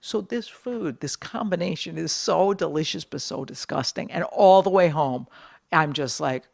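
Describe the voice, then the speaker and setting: A middle-aged woman comedian in casual podcast chat, brash and profane, telling stories with lively quoted voices. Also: deep voice, normal speed, creaky, no room sound, clean studio sound.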